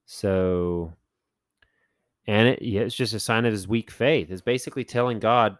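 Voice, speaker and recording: A man with a fairly low voice talks through scripture in a loose, conversational way. He slips into playful voices for the people in the stories and corrects himself as he goes. The sound is dry and close. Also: a little slow, dry recording. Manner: acts out biblical characters in playful voices; loose, with fillers and self-corrections. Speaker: podcast host. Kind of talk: casual Bible discussion.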